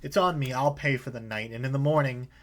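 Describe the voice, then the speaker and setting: A man's voice: mid-range voice, a little fast, a bit bright, close to an everyday voice. Easygoing male guide, voiced by a man, hesitant and friendly.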